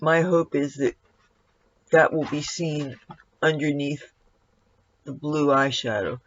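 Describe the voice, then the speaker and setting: A man's voice: fairly high pitch, fairly even intonation, takes it slowly, fairly bright tone. A man giving a casual makeup tutorial at home, rambling and breaking off to talk to his cat. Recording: dull lo-fi, dry sound.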